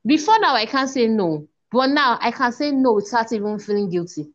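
A woman, a podcast guest giving an earnest personal testimony, often repeating herself and slowing to a hush. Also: on the high side, lively intonation, dull audio. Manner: earnest, repeats herself, slows and drops to a hush when recalling prayers. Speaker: interview guest.

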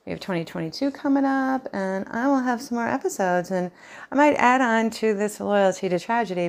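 Middle-aged woman, hairdresser hosting her own podcast, low gravelly voice, rambling solo chat. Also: darkish tone. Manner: rambling, with many fillers and restarts. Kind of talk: casual solo podcast talk.

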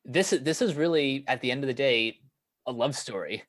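A man's voice: medium pitch, a little fast, a bit bright. An American man in casual review chat who talks hesitantly, with many ums and restarts. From United States.

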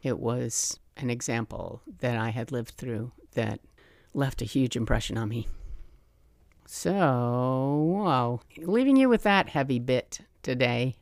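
A woman hosting her own podcast, telling a personal story in a lively way and acting out the voices she remembers. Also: rumbling low, moderate pace, no echo, clean studio sound. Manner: animated, acts out remembered voices. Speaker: podcast host.

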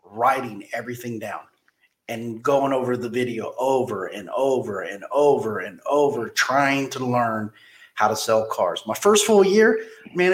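A man with an even, mid-pitched voice tells stories from his car sales days in a relaxed interview. He rambles, repeats words and gets animated in the retelling. A roomy echo hangs around his voice. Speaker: car dealership general manager. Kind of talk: casual interview storytelling.

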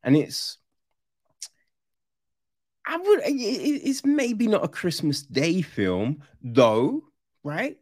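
A film reviewer, giving a casual, animated review full of swearing and acted-out reactions. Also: mid-range voice, slow, no echo, studio quality.

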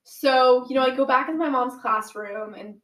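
A teenage girl recounts a story in a casual, animated way, sprinkling in "like" and acting out what everyone said. Her voice sits a little high. The room around her has a noticeable echo. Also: normal speed. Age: teens. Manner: animated, dramatic retelling with many "like"s.

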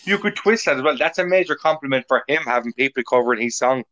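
Guy hosting a podcast, mid-pitched, chatty and gushing, keeps it jokey. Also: expressive, fast talker, pushed and bright. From Ireland. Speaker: podcast host. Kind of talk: casual chat.

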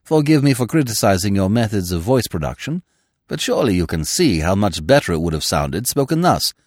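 A suave, unflappable young gentleman in a storybook reading, as a man reads him, given to languid, mock-solemn speeches. His low voice rolls through very animated rises and falls, heard dry and close. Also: brisk, no room sound.

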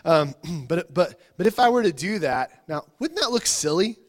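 A man's voice: fairly high pitch, very animated, normal speed. A male pastor giving a conversational sermon, informal, often repeating words and asking the congregation questions.

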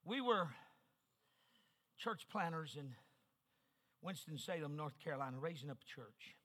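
A man's voice: on the high side, animated, measured pace, a bit bright. An older man from New Mexico preaching an emphatic revival sermon as guest preacher, with personal stories and repeated calls to the listeners.

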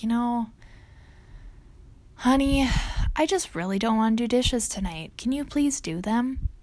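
A woman's voice: a little high, no echo. A young adult woman hosting a podcast, talking casually and earnestly, acting out quoted lines as she goes. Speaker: podcast host. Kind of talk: casual personal talk.

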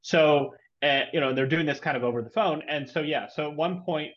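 A man's voice: fairly high pitch, brisk, fairly bright tone. A man guest on a podcast, discussing a film in a casual, thoughtful way, often stopping and restarting his sentences. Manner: hesitant, many restarts and fillers, thoughtful. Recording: dull lo-fi sound.

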